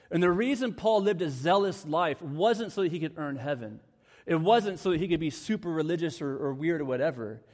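A man preaching a sermon with a slightly high voice, earnest and heartfelt. He dips into hushed, slow phrases for emphasis. The sound carries a long reverb from a large hall. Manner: earnest, dropping to soft hushed tones for emphasis. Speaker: pastor.

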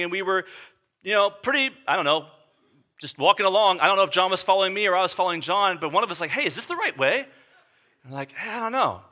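A man preaching a sermon as pastor, telling a story and then reading and explaining scripture, emphatic and dropping low and quiet for weighty points.

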